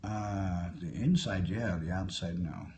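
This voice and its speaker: A man in his fifties chatting casually on a phone live stream, answering viewer comments in a musing, unhurried way and drifting from topic to topic. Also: deep voice, darkish tone, slight background noise. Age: 50s. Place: hotel at sunrise. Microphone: phone held for a live stream.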